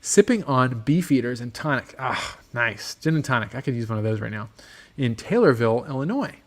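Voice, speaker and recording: A man hosting a casual livestream from a motorcycle workshop, reading out viewer comments in a relaxed, rambling way full of ums and restarts. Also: mid-range voice, a little fast.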